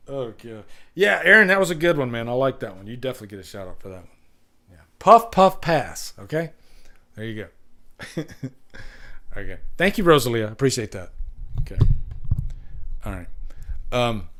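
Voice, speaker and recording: A man's voice: mid-range voice, sing-song, unhurried, long pauses. A man hosting a casual livestream, rambling and chuckling often as he reads out jokes. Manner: wanders between loud and hushed. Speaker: livestream host. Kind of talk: casual live chat.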